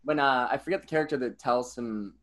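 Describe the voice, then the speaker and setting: A young man in easygoing film talk, laughing a lot and breaking into goofy voices to quote lines. His voice sits at an everyday pitch. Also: a little fast, a bit bright. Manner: laughs often, puts on silly voices when quoting. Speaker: podcast co-host. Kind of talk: casual film chat.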